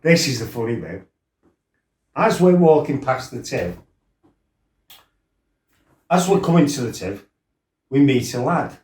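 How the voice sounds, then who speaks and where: A man's voice: medium pitch, very animated, unhurried, pauses often, darkish tone, roomy sound. A middle-aged man tells his life story casually, laughing, swearing and acting out what people said. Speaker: former fighter telling his life story.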